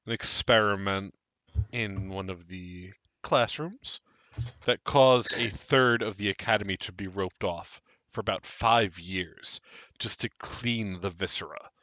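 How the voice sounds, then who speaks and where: A man running a tabletop game, telling the tale at an unhurried pace with ominous pauses. His voice is bright and forward, recorded dry on a close streaming mic. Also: lowish voice, no echo. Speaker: game master.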